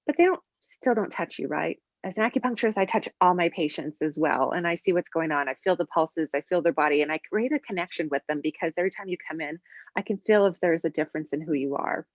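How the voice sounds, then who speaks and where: Animated woman practitioner, dry dull sound. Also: fairly low pitch, fast talker, no room sound. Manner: animated, acts out quoted voices in stories. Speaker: functional medicine practitioner. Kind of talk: conversational explanation and storytelling.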